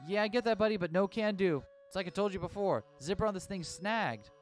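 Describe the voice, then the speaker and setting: A man voicing a riled-up male police officer stuck in a cat costume, talking loudly and defensively. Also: high voice, brisk, soft background music, pitched above the performer's own voice, lightly acted. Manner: loud, defensive, whiny.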